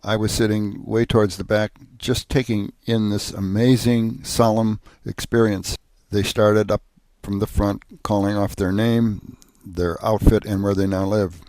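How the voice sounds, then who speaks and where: A man's voice: on the low side, flat delivery, measured pace, a little mellow, no room sound. An older man narrating a personal family history, earnest and plain-spoken, with occasional restarts.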